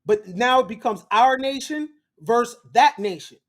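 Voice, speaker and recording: High-voiced, blunt, slangy man. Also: lively intonation, moderate pace. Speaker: host. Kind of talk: lecture-style commentary.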